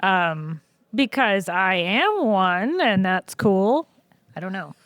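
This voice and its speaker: A woman guest in casual podcast chat, telling lively stories with frequent "um"s. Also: mid-range voice, takes it slowly, dry recording. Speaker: podcast guest, brewery co-owner.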